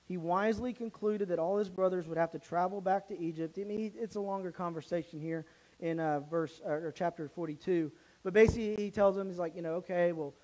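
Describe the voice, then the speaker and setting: High-voiced pastor preaching casually. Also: male voice, low-quality recording. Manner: casual, animated storytelling with restarts. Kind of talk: sermon. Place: church.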